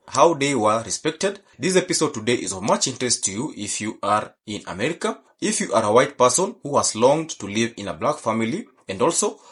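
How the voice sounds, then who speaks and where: A man's voice: medium pitch, fairly bright tone, slightly rough. A man hosting a commentary channel, talking in a formal, polite way and often asking viewers kindly to stay and subscribe. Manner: formal, repeatedly polite and pleading. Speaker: channel host. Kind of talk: scripted commentary to camera.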